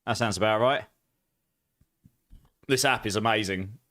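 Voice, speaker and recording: A man's voice: fairly low pitch, a little slow, a bit bright. A man chatting casually to viewers while streaming a game, thanking them by name. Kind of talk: casual live-stream chat.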